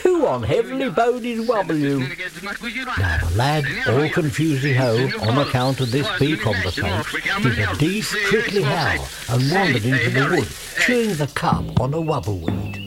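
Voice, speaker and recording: A man's voice: mid-range voice, very animated, moderate pace. A man narrating a comic story in playful, garbled nonsense words. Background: music.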